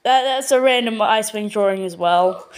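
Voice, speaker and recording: A woman with an Australian accent casually narrating a showcase of her own artwork, stumbling over words and filling pauses with lots of ums. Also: medium pitch, clear, resonant tone. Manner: hesitant, full of ums and repeated words. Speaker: channel owner.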